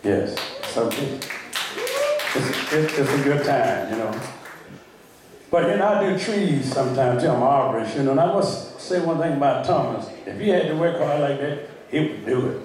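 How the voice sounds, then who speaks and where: An older man giving a joking, rambling wedding toast, halting and telling tall tales with a laugh. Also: mid-range voice, animated, a little mellow. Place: wedding reception hall. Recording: very echoey hall, speaker far from mic.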